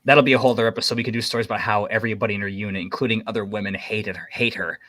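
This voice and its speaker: A man's voice: lowish voice, rapid-fire, no echo. Rambling man telling army stories, dry sound. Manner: rambling, animated storyteller. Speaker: military veteran guest. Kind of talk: casual podcast chat.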